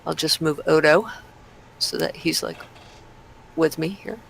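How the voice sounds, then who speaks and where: A player in a tabletop game, hesitant and soft-spoken as they choose their moves. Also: mid-range voice, measured pace, gravelly, a little hiss or hum, rough recording.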